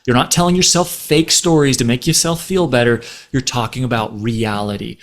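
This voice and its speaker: Gentle man telling a teaching story. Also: medium pitch, steady tone, moderate pace. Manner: acts out quoted voices in stories. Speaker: relationship speaker. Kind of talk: storytelling talk.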